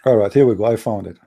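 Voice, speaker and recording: A man hosting his channel in polemical talk, slow, emphatic and scornful. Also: on the low side, gravelly, warm tone, husky. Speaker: channel host.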